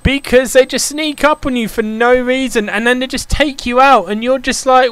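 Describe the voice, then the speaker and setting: A man's voice: very high voice, steady tone, moderate pace, fairly bright tone, clean tone. A young man commentating his Minecraft game, ranting in an exasperated, repetitive way. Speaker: gaming YouTuber. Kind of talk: Minecraft let's play commentary.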